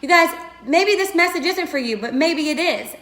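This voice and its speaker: In an echoey room, a woman with a very high, somewhat bright voice speaks animatedly at a moderate pace. As a direct sales coach, she offers a heartfelt personal testimony, addressing her audience passionately as "you guys."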